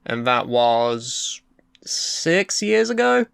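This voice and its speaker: A man's voice: mid-range voice, big pitch swings, drawn-out words, gravelly, a bit bright, clean tone, no echo, studio quality. A man co-hosting a casual podcast chat, blunt and sarcastic. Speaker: podcast co-host.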